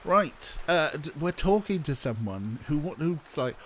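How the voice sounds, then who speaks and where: A man's voice: a little high, lively intonation, measured pace. A streamer talks loosely over gameplay, his voice rising and dipping with plenty of life. He swears freely and chuckles often, with a faint hiss behind him. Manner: chatty, swears, laughs at own jokes. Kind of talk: casual let's-play commentary.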